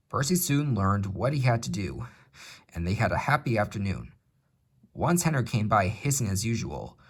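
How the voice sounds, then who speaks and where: A man reads a storybook aloud, husky and lively in pitch. His delivery is measured and expressive, carrying the listener through the tale. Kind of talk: storybook reading.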